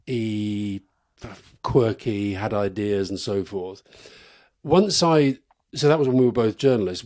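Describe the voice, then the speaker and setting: A man's voice: lowish voice, warm tone, no echo, studio quality. A middle-aged man co-hosting a live podcast, telling wry anecdotes and laughing as he goes. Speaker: podcast co-host. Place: live stage event.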